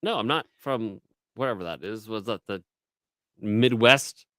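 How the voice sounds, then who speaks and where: A man with a Canadian accent, a guest on a casual podcast chat, joking and animated and mimicking others. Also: fairly low pitch, a little slow, dry recording.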